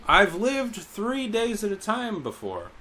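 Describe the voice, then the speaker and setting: A man streaming a game and chatting casually, telling a story with animated retellings, putting on other people's voices, and laughing often. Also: sits high, slow pace, a little hiss or hum. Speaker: teacher at a camp in Japan. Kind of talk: casual chat while gaming.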